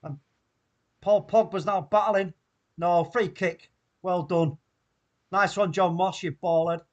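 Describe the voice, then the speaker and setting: A man with a Mancunian accent hosting a live football watchalong, reacting loudly and excitedly to the play. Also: high voice, slow pace, lo-fi sound. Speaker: watchalong host.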